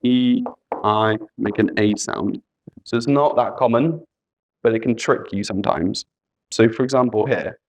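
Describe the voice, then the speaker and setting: Slow, patient male English teacher. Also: on the low side, darkish tone. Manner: patient, repeats letters and examples. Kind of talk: slow spelling lesson.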